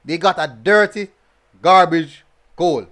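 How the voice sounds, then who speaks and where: High-voiced man on a football stream. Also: slow, fairly bright tone. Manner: chatty, with many fillers and repeated phrases. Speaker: football review show host reading live chat. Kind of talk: casual live-stream football talk.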